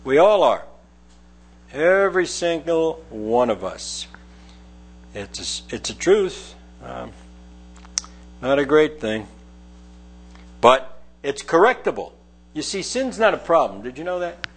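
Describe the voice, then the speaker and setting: An older man delivering a folksy sermon, his pitch leaping and falling as he acts out quoted voices. His voice sits a little higher than most men's. He talks in a relaxed, conversational way between scripture readings. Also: slow pace, pauses often, breathy edge. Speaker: preacher.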